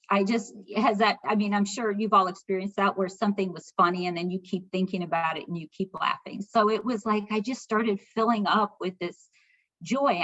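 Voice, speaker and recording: A middle-aged American woman, a guest speaker, telling a personal story with heartfelt, animated retelling and acted-out dialogue. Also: mid-range voice. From United States. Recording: slightly dull lo-fi recording.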